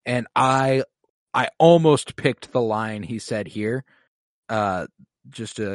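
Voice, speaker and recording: A man's voice: lowish voice, slow pace, no room sound, clean studio sound. A man co-hosting a casual podcast, animatedly retelling scenes and acting out characters' lines. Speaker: podcast co-host recapping a TV episode. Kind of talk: casual chat.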